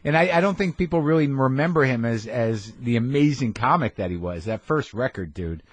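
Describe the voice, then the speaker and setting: A man's voice: mid-range voice, animated, fairly quick, dry recording. A man hosting a podcast in casual interview chat, reflective and swearing offhandedly, recorded in a garage studio. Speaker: podcast host.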